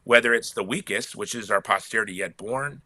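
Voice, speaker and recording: A man being interviewed as a guest author, with a very bright, forceful voice recorded dry and close. He talks in an animated, emphatic way and often restarts his sentences. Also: lowish voice, a little fast, dry recording. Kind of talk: casual conversational interview.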